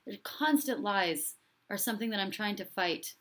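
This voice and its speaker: A woman's voice: mid-range voice, expressive, normal speed, a bit bright. A woman hosting a live stream, speaking in an impassioned and repetitive way and reading out viewer comments. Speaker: host and relationship coach.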